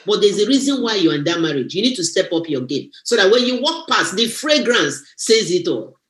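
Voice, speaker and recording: A woman giving an animated, preachy motivational testimony on a live stream, exclaiming and teasing as she talks. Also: mid-range voice, brisk, roomy sound. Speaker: guest speaker.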